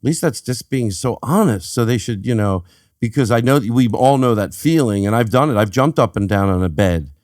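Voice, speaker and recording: A man's voice: mid-range voice, expressive, brisk, a little mellow, no room sound, studio quality. A middle-aged man hosting a podcast in casual chat, telling stories in a rambling way and restarting his sentences. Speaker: podcast host.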